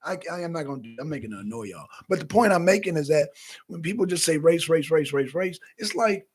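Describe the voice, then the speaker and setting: A man hosting a talk show, giving casual, animated political commentary that rambles and repeats itself. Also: fairly high pitch, quick pace, breathy edge.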